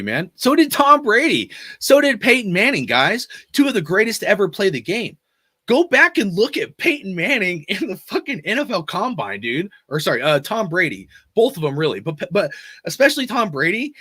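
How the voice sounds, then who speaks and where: A man's voice: sits high, bright, forceful tone, breathy edge, no room sound, clean studio sound. A man hosting a fan channel, ranting about football and reading out chat comments in a blunt, cussing, rambling way. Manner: profane, emphatic, rambling.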